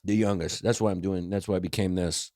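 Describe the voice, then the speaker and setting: A man in his forties, a comedian guest on a podcast, telling stories with quick joking riffs. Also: low voice, fairly even intonation, darkish tone, no echo, studio quality. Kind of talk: casual storytelling chat.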